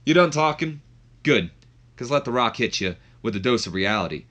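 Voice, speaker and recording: A man's voice: medium pitch, expressive, moderate pace, a bit bright, natural voice. A man putting on a cocky male wrestler who mocks his rival and talks about himself in the third person. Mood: taunting. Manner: boastful, mocking, refers to himself in third person. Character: cocky trash-talking male wrestler, brash showman.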